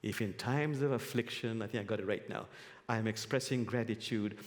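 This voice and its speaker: A man, an imam giving a guest sermon, telling humorous stories in a playful, animated way. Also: on the low side, normal speed. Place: spiritual center sanctuary. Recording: long hall reverb.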